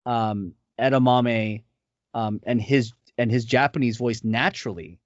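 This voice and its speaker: A man of middle pitch chats as an interview guest, rambling along with lots of "um" and "like" and restarting his sentences. The sound is dry and close, with a dull lo-fi quality. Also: measured pace, no echo. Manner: rambling, many fillers and restarts. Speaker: voice actor guest. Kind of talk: casual interview chat. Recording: dull lo-fi audio.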